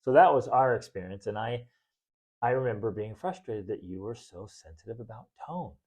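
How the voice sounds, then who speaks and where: Mellow-voiced man hosting a relaxed podcast chat. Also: lowish voice, moderate pace. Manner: animated, acts out arguments in voices. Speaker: podcast host. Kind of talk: casual chat with his wife.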